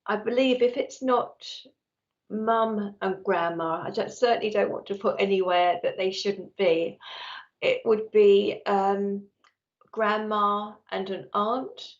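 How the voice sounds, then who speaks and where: Chatty woman with a gravelly edge. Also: medium pitch, fairly even intonation, slow pace, dull audio. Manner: talks nonstop, effusive and chatty. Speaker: psychic medium. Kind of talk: live-streamed psychic reading.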